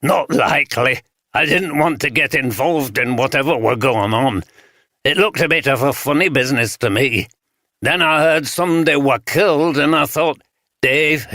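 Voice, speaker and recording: A man putting on a gruff Yorkshire vagrant. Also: mid-range voice, pushed and bright, no echo, clean studio sound, pitched above the performer's own voice. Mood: guarded. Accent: broad Yorkshire. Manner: blunt, clipped dialect speech. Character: wary scruffy homeless man, gruff and suspicious.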